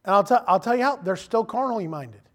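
A man preaching a sermon in a conversational, animated way, acting out quotes as he goes. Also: high voice, fast.

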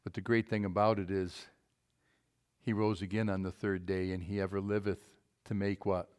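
A man's voice: low-pitched, little pitch movement, moderate pace, clear, resonant tone. Man preaching emphatically in church. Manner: emphatic, asks the congregation questions; swings from loud to quiet. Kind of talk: sermon. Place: church before a congregation.

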